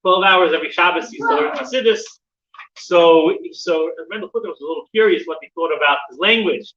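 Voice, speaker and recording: A man teaching a class to a live audience, telling stories in a halting way with many repeated words and restarts. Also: a little high, fairly bright tone. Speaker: teacher giving a weekly class. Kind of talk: storytelling in a religious class. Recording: distant, dull, roomy with audience.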